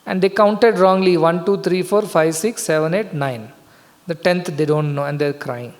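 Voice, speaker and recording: A man's voice: a little high, moderate pace. Male spiritual teacher, scripture discourse, explanatory, repeats key words, long hall reverb.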